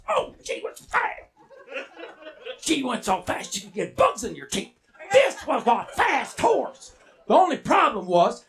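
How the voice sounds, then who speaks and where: A playful man spinning a tall tale on stage, teasing his listeners as he goes. His pitch swings widely and animatedly, from low drawls to high bursts. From Texas. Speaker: storyteller. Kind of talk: live storytelling performance. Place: stage before a live audience.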